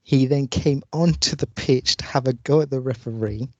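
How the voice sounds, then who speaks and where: A man hosting a casual football podcast, reading out results and stories with frequent hesitations. His voice sits at an ordinary pitch and is recorded close and dry, with no room sound around it. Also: moderate pace, dry recording, muffled recording. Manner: reads news with frequent hesitant fillers. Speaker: podcast co-host. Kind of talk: football podcast news roundup.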